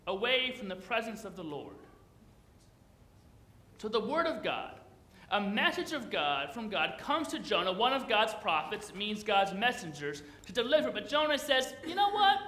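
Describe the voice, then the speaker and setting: A man's voice: sits high, bright, forceful tone, reverberant. A man preaching a sermon as pastor, in a conversational, playful way, often putting questions to the congregation.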